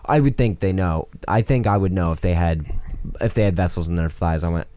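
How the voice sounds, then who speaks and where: A man co-hosting a podcast, telling animated, profane stories in casual chat. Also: sits low, brisk. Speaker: podcast co-host.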